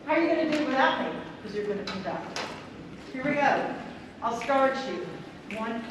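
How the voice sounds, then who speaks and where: High-voiced woman coaching a youth orchestra. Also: expressive, moderate pace, background noise. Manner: counts beats aloud, sings counts, quizzes students. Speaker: string orchestra clinician. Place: large convention rehearsal hall. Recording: echoey hall from far off.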